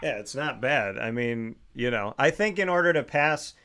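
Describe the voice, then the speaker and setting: Animated talk show host telling stories. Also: male voice, mid-range voice, moderate pace. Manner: animated storyteller who does impressions. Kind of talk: casual sports talk show chat.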